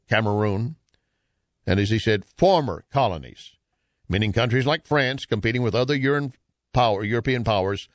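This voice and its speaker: A man's voice: mid-range voice, no room sound. A man hosting an opinion commentary show, speaking emphatically and reading passages from an article aloud. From United States.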